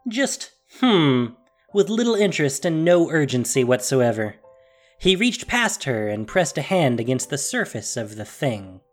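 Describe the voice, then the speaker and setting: A narrator reading a fantasy story aloud in an expressive, dramatic storytelling manner. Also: medium pitch, unhurried, faint music behind. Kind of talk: scripted audiobook narration.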